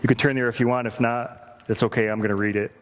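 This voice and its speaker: A man's voice: mid-range voice, level tone, quick pace. A man preaching a sermon, earnest and repeating phrases for emphasis. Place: church sanctuary. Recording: reverberant church hall.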